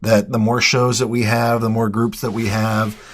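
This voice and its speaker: A man's voice: on the low side, flat delivery, normal speed. An American man hosting an internet talk show, chatting in a rambling, teasing way and often restarting his sentences. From United States. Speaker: host. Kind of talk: casual chat.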